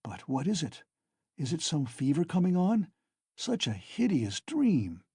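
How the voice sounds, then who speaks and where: A man's voice: medium pitch, lively intonation, unhurried, mellow, breathy edge, no room sound, studio quality. A man voicing a poor young student, breathless and anxious after a nightmare. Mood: shaken. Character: poor young male student, shaken and feverish.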